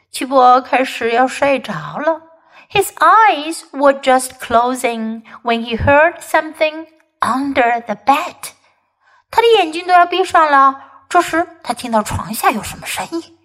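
Slow, animated female story teacher. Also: high voice. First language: Mandarin Chinese. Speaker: English teacher. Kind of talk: bilingual children's story reading.

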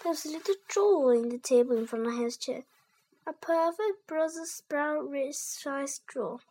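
A young child reads a storybook aloud in a high, earnest voice. The reading stumbles now and then with small slips and restarts. A faint background hiss runs underneath. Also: normal speed, darkish tone. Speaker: reader.

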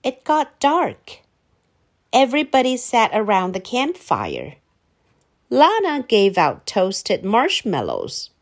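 A woman from China reading a children's picture book aloud in a slow, clearly paced, very animated way. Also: fairly high pitch. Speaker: storyteller. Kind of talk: children's storybook read-aloud.

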